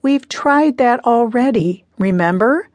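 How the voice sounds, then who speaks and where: A woman's voice: fairly high pitch, animated, slow, darkish tone, dry recording, voice pushed up. A woman narrator voicing a stern, firm middle-aged father in an audiobook, speaking insistently. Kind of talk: audiobook character reading.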